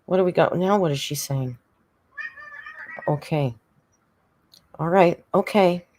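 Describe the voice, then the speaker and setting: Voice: medium pitch, slow, a little mellow. A livestreamer in casual, rambling chat, reading viewer comments aloud and talking to a pet cat between them. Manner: reads viewer comments aloud and thanks members; frequent laughter and filler words.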